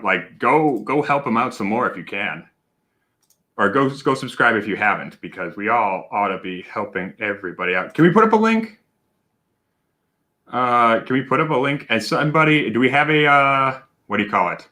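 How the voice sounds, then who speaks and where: A man hosting a casual livestream, chatty and animated, with plenty of fillers and shout-outs to viewers. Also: medium pitch. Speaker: livestream host.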